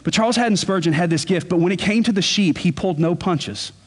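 A man preaching a sermon as pastor, earnest, and he slows down to stress key words. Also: sits high.

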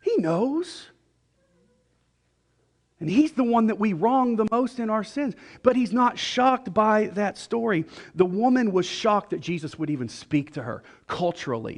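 A man's voice: high-pitched, animated. A middle-aged man preaching a sermon in a church, conversational and joking, now and then voicing the people in his stories. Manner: conversational and joking, with quick voiced asides. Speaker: pastor.

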